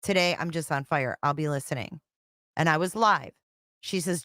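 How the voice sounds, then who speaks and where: Profane, exasperated woman, low-pitched. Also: normal speed, a bit bright, no room sound, studio quality. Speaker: true-crime commentary host. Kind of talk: casual livestream commentary reading texts aloud.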